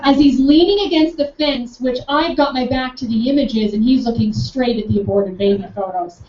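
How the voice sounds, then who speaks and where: A woman's voice: a little high, moderate pace. A young adult woman telling a personal story with enthusiasm, acting out both sides of a conversation. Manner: enthusiastic, animated, acts out both sides of the dialogue. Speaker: speaker recounting a campus conversation. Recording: echoey, distant, dull room sound with faint noise.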